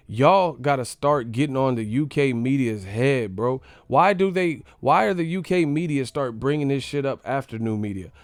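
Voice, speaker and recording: A man rants through a live stream, heated and mocking, full of slang, hammering the same points again and again. His voice is smooth and resonant, with a mid-range pitch. The sound is dry and close, with no room around it. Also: no echo. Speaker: boxing commentary channel host.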